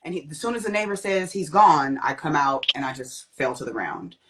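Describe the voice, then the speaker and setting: There's a slight hiss or hum behind this animated, somewhat bright voice of a young adult woman talking a little fast. She's a guest telling her personal testimony, vividly acting out the voices she quotes with large pitch swings.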